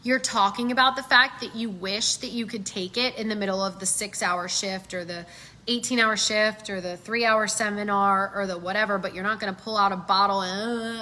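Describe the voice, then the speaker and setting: A middle-aged woman giving casual sales coaching, animated and acting out customer voices as she talks. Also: mid-range voice. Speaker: sales trainer.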